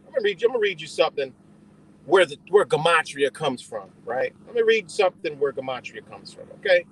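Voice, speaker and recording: Male livestream host, high and lively delivery, rambling, profane, argues with chat. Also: fast, husky, rough recording. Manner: answers chat directly. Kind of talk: ranting live stream talk.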